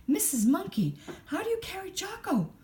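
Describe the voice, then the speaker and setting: Woman doing a squeaky pleading kangaroo mother. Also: huge pitch swings, moderate pace, warm tone, exaggerated voice. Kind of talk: picture book read aloud.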